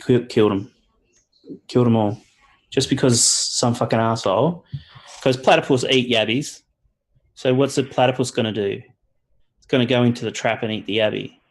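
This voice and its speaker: A man with an Australian accent in a casual online chat, swearing often and pausing with fillers. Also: medium pitch, low-quality recording. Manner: swears a lot, halting with fillers. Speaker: guest.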